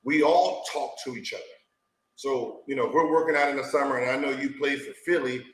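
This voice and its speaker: A man hosting an interview show, chatting in a relaxed, conversational way about players' experiences. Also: mid-range voice, brisk, roomy sound, a little hiss or hum, rough recording. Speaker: podcast host, former NBA player. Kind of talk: casual chat.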